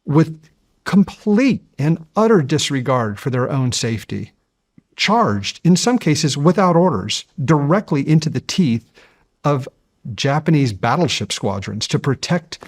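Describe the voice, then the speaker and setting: A man in his fifties, a guest on an interview show, telling stories in a measured, earnest way and building to animated passages. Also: medium pitch, no room sound, clean studio sound. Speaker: guest, deep-sea explorer. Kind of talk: conversational interview storytelling.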